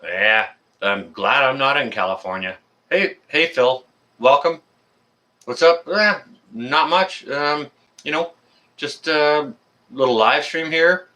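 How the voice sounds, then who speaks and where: A man's voice: medium pitch, lively intonation, takes it slowly, pushed and bright. A man from Canada hosting a casual live stream, greeting viewers by name in a friendly, rambling way with many fillers.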